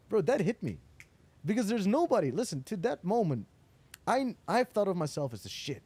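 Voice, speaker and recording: A man, chatting casually in an interview, telling animated stories and swearing freely. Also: sits high, normal speed, slightly rough. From Netherlands. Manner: animated storyteller, acts out quoted dialogue, swears casually. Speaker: interviewee, entrepreneur.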